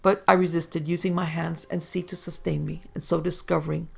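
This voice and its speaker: A woman narrating a classic horror story for a podcast, reading old-fashioned prose in a steady, measured way. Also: on the low side, gravelly, breathy edge.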